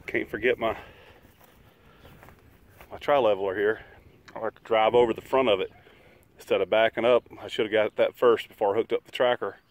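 A man's voice: on the low side, steady tone, brisk, long pauses. A man vlogging casually outdoors beside his RV, walking viewers through the steps in a folksy, chatty way. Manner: folksy, chatty, explains step by step. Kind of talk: casual how-to vlog.

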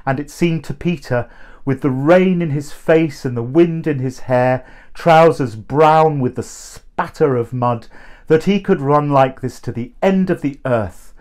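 A man reading a short story aloud, measured and expressive. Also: fairly high pitch.

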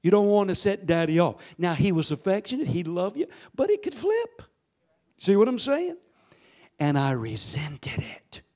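In a church sanctuary, a pastor in their sixties preaches a sermon built around a story, swinging suddenly from hushed to loud and calling on the congregation to respond. The voice sits high and sing-song at normal speed.

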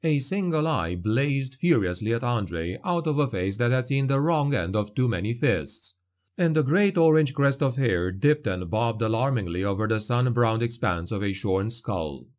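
Man narrating a dark fantasy audiobook. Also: mid-range voice, animated. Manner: measured, vivid storytelling.

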